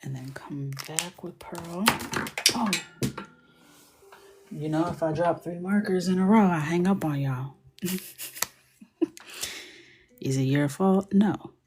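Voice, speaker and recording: A woman hosting a coloring livestream, chatting and joking casually as she works, often dropping into a soft murmur. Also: fairly low pitch, slow, pauses often, background noise. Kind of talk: casual chat while coloring.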